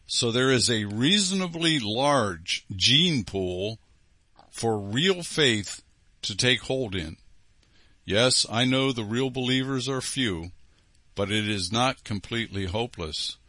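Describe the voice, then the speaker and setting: Hosting his program, a man goes through listener letters and comments with emphatic, repetitive phrasing. He speaks slowly at a medium pitch, with lively intonation and a sharp tone, and there's no echo.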